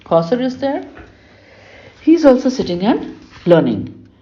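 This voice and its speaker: A woman reads a story aloud to her students. She pauses after each passage to restate it in plain words. Her voice sounds soft and mellow, and the recording is a little dull. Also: on the high side, big pitch swings. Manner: reads a passage, then repeats it in simpler words. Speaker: English teacher. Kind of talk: reading aloud and explaining a story. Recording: slightly muffled lo-fi recording.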